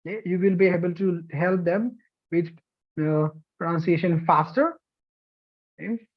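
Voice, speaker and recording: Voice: medium pitch, unhurried. An instructor from India with an Indian English accent, teaching a live online demo lesson and often checking in with "okay?" and "you know". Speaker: TEFL course instructor. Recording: dull lo-fi online class audio.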